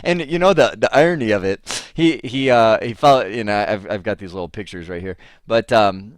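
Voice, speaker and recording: A middle-aged man teaching an IT course, who tells stories in a lively way and acts out both sides of a phone call. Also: fairly low pitch, normal speed, dry recording, clean studio sound. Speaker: IT instructor. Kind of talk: casual lecture with a told anecdote.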